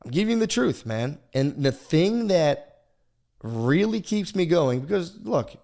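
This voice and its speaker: A man's voice: on the high side, big pitch swings, unhurried, gravelly, darkish tone. A man hosting a podcast in casual chat, rambling and self-deprecating, swearing a lot and restarting his sentences often. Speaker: podcast host.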